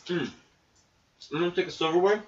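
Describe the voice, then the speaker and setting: A man playing a tabletop game in casual chat, playful and slipping into loud in-character lines. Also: high-pitched, brisk. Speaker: player. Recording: distant, roomy, lo-fi.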